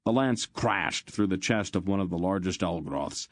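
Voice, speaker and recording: A man reading a fantasy novel aloud as an audiobook narrator, in steady, measured storytelling. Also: low-pitched, no echo.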